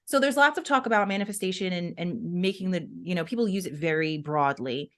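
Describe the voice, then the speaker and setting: Chatty, expressive woman podcast co-host. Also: on the low side, brisk. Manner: chatty, expressive storyteller, full of "like" and "right?". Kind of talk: casual podcast chat.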